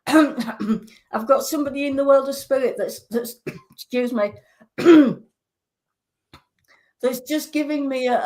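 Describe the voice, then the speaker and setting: A woman clairvoyant giving psychic readings on a radio show, earnest and reassuring, with hesitant pauses. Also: high-pitched, a little mellow.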